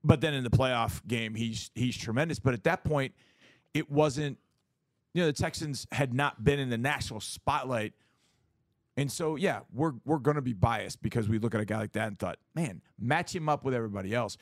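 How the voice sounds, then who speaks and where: A middle-aged man co-hosting a sports talk show, making his case in a lively, casual way, often acting out what others would say. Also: mid-range voice, moderate pace, no echo. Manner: animated, acts out quoted voices, repeats words.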